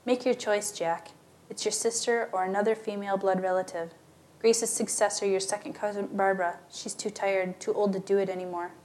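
A cryptic, cursed old woman from a storybook speaks in a thin old lady voice, as a woman narrator reads her lines. She sits at a mid pitch, close to the reader's own voice. A faint hiss runs under her words. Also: steady tone, fairly quick, darkish tone, close to an everyday voice.

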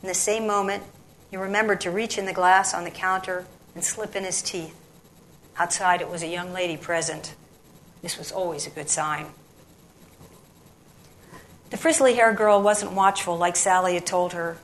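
A woman narrating a novel aloud, with measured storytelling and a dialect-flavored text. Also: lowish voice, steady tone, slight background noise, poor audio. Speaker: audiobook narrator.

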